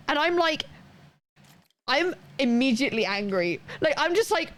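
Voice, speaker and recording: A woman's voice: high-pitched, animated, normal speed, fairly bright tone. A woman streamer chatting casually and rambling to her live chat while playing, laughing often and reading chat messages aloud.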